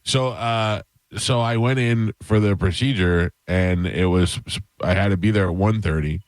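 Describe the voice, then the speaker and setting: A radio host telling a long, self-mocking story in a casual, rambling way, with restarts, into a close studio mic. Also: male voice, on the low side, unhurried, dry recording.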